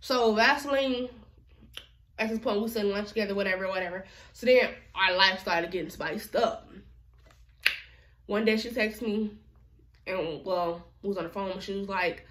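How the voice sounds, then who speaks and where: A woman's voice: medium pitch, normal speed, pauses often, fairly bright tone. A woman vlogger telling a personal story in a casual, chatty, slangy way.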